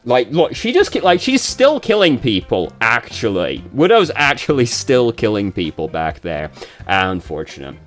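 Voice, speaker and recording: A young man giving casual, swearing-prone commentary while reviewing someone's gameplay, with quick asides to the viewer. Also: medium pitch, wildly swooping pitch, soft background music. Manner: swears and rants when frustrated, quick asides. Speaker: game reviewer.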